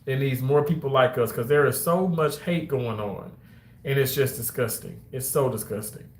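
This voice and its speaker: A man chatting casually with his viewers on a livestream, animated and quick to exclaim. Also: medium pitch, echoey room.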